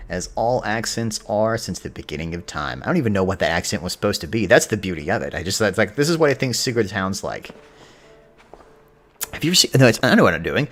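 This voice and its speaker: A man streams a video game and chats with a joking, playful manner. His voice is low with very lively intonation, and he drops in history-buff asides. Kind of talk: gameplay commentary.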